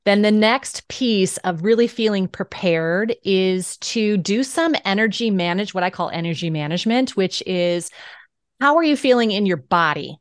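Animated woman voice coach, dry sound. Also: mid-range voice, normal speed, clear, resonant tone, no room sound. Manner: animated, laughs often, coaching tone. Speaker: guest speaker and voice coach. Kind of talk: podcast interview answers.

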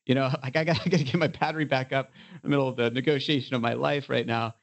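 A man's voice: mid-range voice, racing, creaky. A man, an entrepreneur guest, telling an anecdote in a casual interview, full of "you know" fillers. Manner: animated storyteller, many "you know" fillers.

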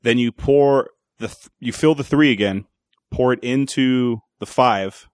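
A man's voice: medium pitch, unhurried, dry recording, clean studio sound. A man co-hosting a podcast, recapping a movie in casual chat and acting out the characters' lines as he goes. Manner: retells scenes acting out the lines. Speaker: podcast co-host.

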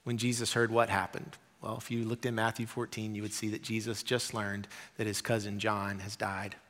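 Pastor in a reverberant hall. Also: male voice, on the low side, flat delivery, normal speed, a bit bright. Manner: conversational, earnest, with quoted asides. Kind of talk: sermon. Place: church sanctuary.

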